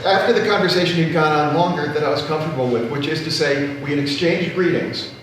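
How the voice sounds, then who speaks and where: Middle-aged male stand-up, dry self-mocking storyteller, slightly high voice, heard from afar in a very echoey room. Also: fast talker, fairly bright tone. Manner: dry, wry, self-deprecating delivery. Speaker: stand-up comedian. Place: live comedy stage with audience. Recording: very echoey room, distant mic, faint noise.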